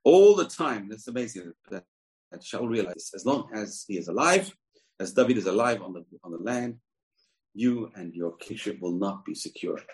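A man teaching a religious lesson, retelling a scripture story in a loose, animated way and acting out the characters' quotes. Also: on the low side, moderate pace, poor audio.

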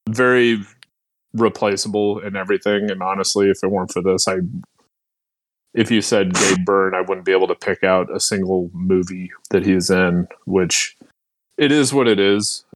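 Low-voiced man co-hosting a podcast. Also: fairly even intonation, moderate pace, no room sound. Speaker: podcast co-host. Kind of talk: casual podcast chat.

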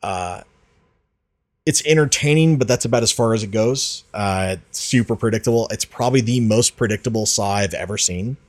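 A man's voice: on the low side, normal speed. A man hosting a casual podcast, talking loosely with frequent fillers and restarts. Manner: rambling, many restarts and fillers. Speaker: podcast host. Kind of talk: casual chat about movies.

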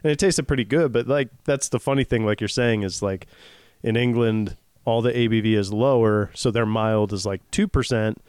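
A man talks casually on a podcast in a relaxed, conversational way. His voice is smooth and resonant. The sound is dry and close. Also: on the low side, moderate pace, no room sound. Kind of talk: casual chat.

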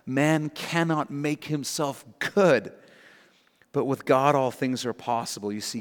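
A man's voice: medium pitch, big-room sound. A man preaching a sermon as pastor, earnest and emphatic, repeating his key lines for the congregation.

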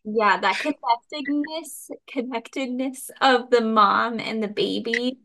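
A woman's voice: a little high, takes it slowly, vocal fry, a bit bright, a little hiss or hum. Reflective woman podcast host. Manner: reflective, speaks straight to listeners. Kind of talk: casual chat.

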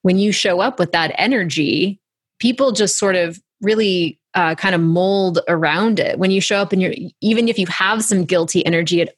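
A woman's voice: on the low side, normal speed, breathy edge. A woman coach in casual conversation, encouraging and affirming as she talks.

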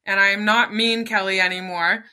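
Very bright-voiced woman telling her story. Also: medium pitch, fairly even intonation, normal speed. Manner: earnest, emotional storytelling. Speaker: podcast guest. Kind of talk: personal storytelling.

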